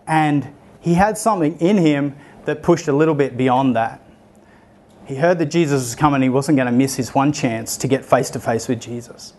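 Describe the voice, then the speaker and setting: A man's voice: medium pitch, moderate pace, a little mellow. A young man giving a sermon, telling a story and acting out the voices of the people in it. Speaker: preacher.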